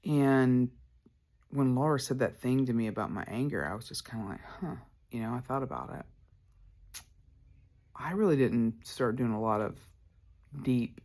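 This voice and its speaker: A man's voice: mid-range voice, moderate pace, long pauses, a little mellow. A man, hosting a podcast and telling a personal story candidly, full of "like" fillers. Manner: candid, rambling, lots of "like" fillers. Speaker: podcast host.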